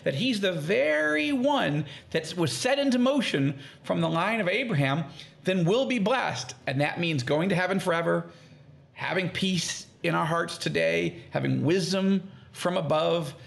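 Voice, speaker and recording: Guy w a high gravelly voice, really animated, teaching bible stuff on a podcast and doing little voices for quotes. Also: normal speed. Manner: animated, acts out quoted speech in lively tones. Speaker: podcast guest.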